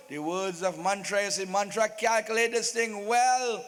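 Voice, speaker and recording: A man's voice: sits high, fairly even intonation, normal speed, hardly any pauses, in a large hall. A man narrating a religious folk play live, with playful, joking asides. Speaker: stage narrator.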